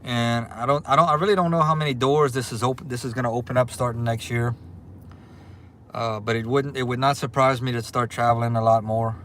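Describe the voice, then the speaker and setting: A man's voice: medium pitch, a little fast, a little hiss or hum. Chatty Louisiana man on a livestream. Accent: Louisiana Southern. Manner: relaxed, chatty, drawling, shouts out viewers. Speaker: livestream host. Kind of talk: casual livestream chat reading comments.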